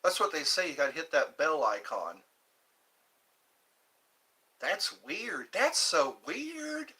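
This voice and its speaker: A man's voice: fairly high pitch, very animated, takes it slowly, pushed and bright. A middle-aged man from Georgia hosting a casual livestream, reminiscing in a rambling way and answering viewers in the chat. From Georgia, US Deep South. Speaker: livestream host.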